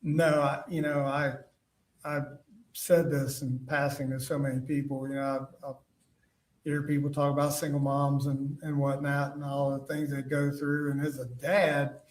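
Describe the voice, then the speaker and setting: A man's voice: fairly high pitch, level tone. Man testifying in an echoey courtroom. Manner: halting storytelling, many fillers and restarts. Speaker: trial witness. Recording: roomy, distant courtroom mic.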